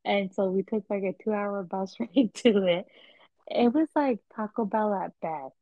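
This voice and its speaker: A young woman co-hosting a podcast, chatting in relaxed slang and laughing often. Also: medium pitch, unhurried, dry recording. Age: young adult. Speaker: podcast co-host. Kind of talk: casual chat. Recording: tinny phone-like line.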